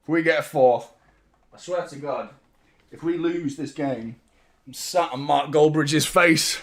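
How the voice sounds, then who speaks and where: Young man, fan watchalong host, excitable, sweary, slightly high voice. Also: measured pace. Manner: excitable, swearing, chanting along. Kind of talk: live football watchalong commentary.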